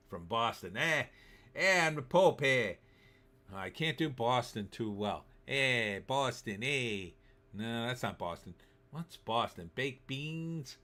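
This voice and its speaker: A middle-aged man from New Jersey hosts a casual live stream, reading chat messages aloud and answering them in a sarcastic, off-the-cuff way. His voice is bright and forceful, and he sits at an ordinary middle pitch for a man. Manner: chatty, sarcastic, reads chat comments aloud. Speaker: livestream host reading viewer chat.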